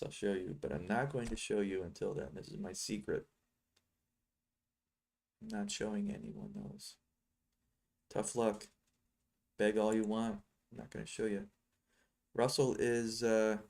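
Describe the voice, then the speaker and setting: This middle-aged man, a seller of futures trading software, thinks aloud while giving loose, teasing live commentary on his trading screen. His voice is low, gravelly, and darkish in tone.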